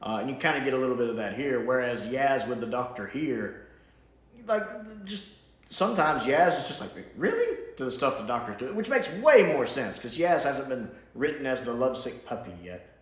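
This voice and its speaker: A man's voice: mid-range voice, animated, a little fast. A man giving a casual spoken episode review, blunt and sarcastic, with mocking asides. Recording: echoey room.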